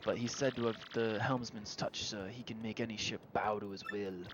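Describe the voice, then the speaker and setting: Man doing a gruff old-salt deckhand. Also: on the low side, steady tone, moderate pace, background noise, lightly acted. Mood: earnest. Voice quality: rough, working-class sailor talk. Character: gruff male deckhand sailor, blunt.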